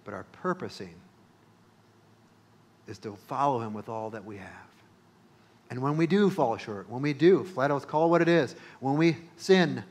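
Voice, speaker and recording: A male pastor preaching a sermon, emphatic, repeating phrases and building to loud peaks. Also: mid-range voice, animated, moderate pace, pauses often.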